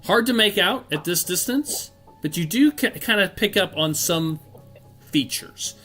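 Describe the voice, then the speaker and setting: Bright-voiced game master, rambling. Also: male voice, sits high, expressive, unhurried, faint music behind. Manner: rambling, full of fillers and self-corrections. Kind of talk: narrating a tabletop game.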